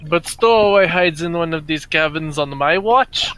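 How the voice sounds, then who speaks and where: A man voicing a gruff, hostile male Russian ship crewman in a put-on Russian accent, speaking curt, broken English with scorn. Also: a little high, normal speed, sharp tone, low-quality recording. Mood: scornful. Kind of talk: reading game dialogue aloud on a live stream.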